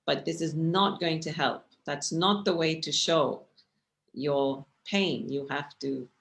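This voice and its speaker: A woman teaches a communication class over a video call, presenting an online lecture with slides in a conversational way and frequently checking in with her listeners. Her voice is low and creaky, with fairly even intonation and a slow pace.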